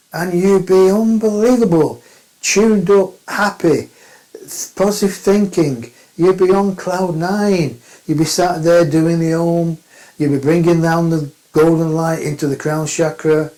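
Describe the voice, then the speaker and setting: Casting: male spiritual teacher, direct and emphatic, repeats his points, mellow tone. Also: on the high side, rough recording. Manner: plain-spoken, emphatic, repeats phrases. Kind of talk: spiritual talk to camera.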